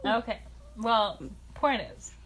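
A woman's voice: fairly high pitch, slow, fairly bright tone. A woman co-hosting a podcast in casual chat, rambling and hesitant as she works out her thoughts. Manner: rambling, hesitant, fillers and restarts. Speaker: podcast co-host.

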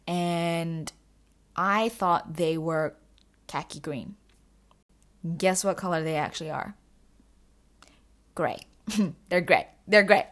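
A woman casually telling stories to her viewers, chatty with frequent giggles and fillers. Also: on the low side. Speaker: vlogger. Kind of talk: casual storytelling vlog.

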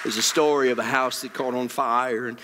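A man preaching a sermon into a handheld mic, swinging between loud, dramatic lines and near whispers. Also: medium pitch, fairly even intonation, moderate pace, a crowd in the background, background noise. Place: church sanctuary. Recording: long hall reverb.

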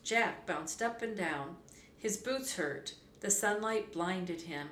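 A woman narrates a children's adventure story in a measured, clear, expressive read-aloud. Her pace is slow and deliberate. The room adds a noticeable echo, with a faint hum behind her voice. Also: medium pitch.

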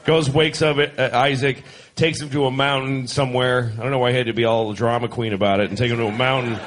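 A man's voice: medium pitch, steady tone, fast talker, slight background noise. A man performing a stand-up comedy routine, telling a story in a jokey, irreverent way and acting out voices. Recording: live show with loud audience laughter. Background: crowd laughing.

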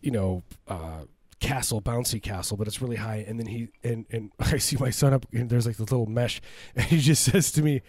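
A man in his thirties with a dark, mellow voice, chatting loosely in a dry, close-sounding room. He tells jokey stories about his kid and jumps up in pitch whenever he acts out what someone said. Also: a little fast, dry recording. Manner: jokey storyteller, acts out quotes in a raised voice. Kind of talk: casual comedic chat.

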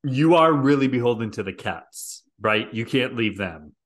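A playful man co-hosting a casual podcast, dropping teasing asides and quick jokes. His voice rests at an ordinary pitch for a man, easygoing and conversational. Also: lively intonation, fairly bright tone. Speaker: podcast co-host. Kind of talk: casual chat.

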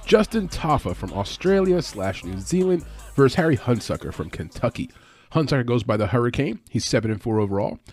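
A man's voice: mid-range voice, very animated, darkish tone, soft background music. A man hosting a show on fight betting, talking through picks in a casual, chatty way and correcting himself as he goes. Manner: fast, chatty, with fillers and self-corrections. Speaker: MMA betting podcast host. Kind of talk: casual fight-pick analysis.

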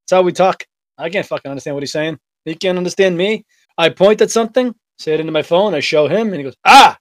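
This podcast co-host comes from Revere, Massachusetts, and has a Boston accent; he swears freely and tells stories in casual chat. His voice is fairly high and fast. There's no room sound.

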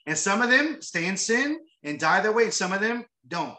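A man's voice: high voice, very animated, normal speed, pushed and bright. A man preaching a sermon after reading scripture aloud, talking conversationally, repeating words and often adding tag questions. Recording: roomy echo.

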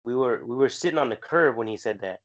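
A man in casual conversation with friends, calmly adding details and corrections to a shared story. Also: medium pitch, fast. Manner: relaxed, adds details and corrections. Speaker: friend chiming in. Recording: dull lo-fi recording.

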